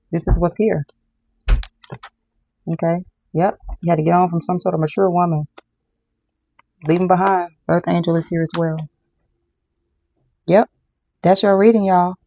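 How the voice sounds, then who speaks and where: Speaking directly to viewers during a relaxed card reading, a tarot reader repeats lines for emphasis and addresses everyone as y'all. The mid-range voice carries a gravelly, rough texture, with a warm, dark tone instead of a bright one.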